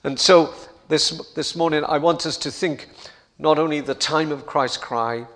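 A man preaching a sermon in a slow, deliberate way, repeating key phrases and building to emphatic passages. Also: on the high side, a bit bright.

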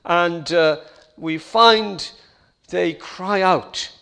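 A middle-aged male preacher with a high voice delivers a sermon at an unhurried pace. He speaks earnestly and builds to fervent appeals. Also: vocal fry, bright, forceful tone, smooth.

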